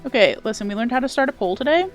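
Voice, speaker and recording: A woman's voice: fairly high pitch, expressive, very fast, faint music behind. A young woman streaming a game, chatting playfully with her viewers and reading their messages. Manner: chatty and playful, reads and answers chat. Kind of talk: casual live-stream chat while gaming.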